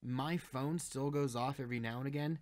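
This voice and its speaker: Profane, animated young man. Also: mid-range voice, brisk, dry recording. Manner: animated and profane, swears often. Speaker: co-host. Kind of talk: casual chat over drinks.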